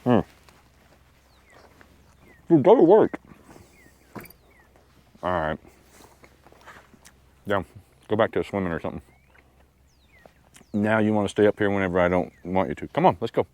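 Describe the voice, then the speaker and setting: Laid-back man, low and dry. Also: a little fast, pauses often, darkish tone, no room sound. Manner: laid-back, rambling, talks to his dog. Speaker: outdoor vlogger. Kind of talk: casual camping vlog talk. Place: outdoors at a lakeside campsite.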